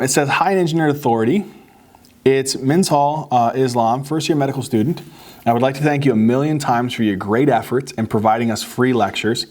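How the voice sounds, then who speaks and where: A man hosting a casual show, reading fan letters aloud and thanking viewers, touched enough to get choked up. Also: medium pitch. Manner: warm, grateful, gets choked up. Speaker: host reading fan mail. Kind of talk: casual chat to camera.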